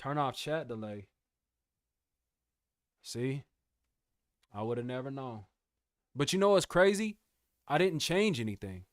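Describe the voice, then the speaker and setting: A man's voice: medium pitch, animated, takes it slowly, long pauses, dry recording, clean studio sound. A young man chatting casually with his live-stream viewers, laid-back and slangy, calling them bro and y'all. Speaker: music producer streamer.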